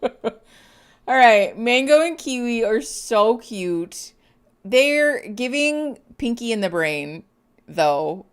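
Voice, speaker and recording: A woman's voice: fairly high pitch, animated, slow, clean tone. A woman streamer chatting casually and gushing over pet photos, giggling and cooing. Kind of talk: casual reaction chat.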